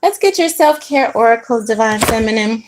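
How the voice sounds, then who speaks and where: Sassy high-voiced woman tarot reader. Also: expressive, normal speed, a little hiss or hum. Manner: sassy, chatty, laughs often, slangy asides. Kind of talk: casual tarot reading monologue.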